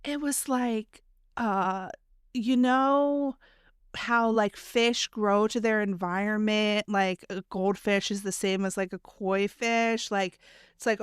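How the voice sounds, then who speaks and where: A woman's voice: mid-range voice, fairly even intonation, slow, smooth, no echo, clean studio sound. A woman co-hosting a podcast in casual chat, telling stories with lots of "like" fillers. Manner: chatty, many "like" fillers, storytelling. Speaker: podcast co-host.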